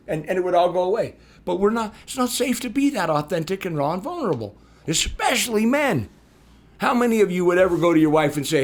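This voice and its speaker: A man co-hosting a podcast who speaks with passion and addresses the listeners directly with questions. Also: quick pace. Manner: impassioned, addresses listeners directly, rises in pitch when animated. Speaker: podcast co-host. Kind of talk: podcast conversation.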